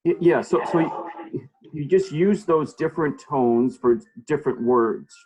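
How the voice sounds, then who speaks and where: A man's voice: on the high side, measured pace, background noise. A man in an online class asking a question, stammering and repeating words while he thinks. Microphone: video call.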